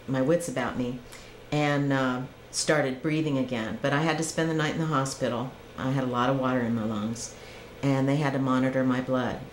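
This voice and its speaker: A woman earnestly recounting a personal experience in an animated storytelling manner to viewers. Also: extremely low pitch, reverberant, a little hiss or hum. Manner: earnest, animated retelling with restarts. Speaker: vlogger telling her own story.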